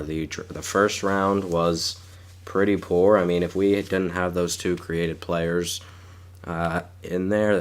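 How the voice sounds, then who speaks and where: A young man with a sore throat, casually commenting on his game and stumbling over player names as he thinks aloud. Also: low-pitched. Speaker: gaming YouTuber.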